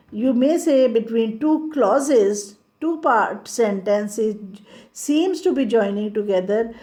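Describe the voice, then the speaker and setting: Woman teacher, fairly high voice, slow deliberate delivery, grammar lesson explained step by step. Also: mellow.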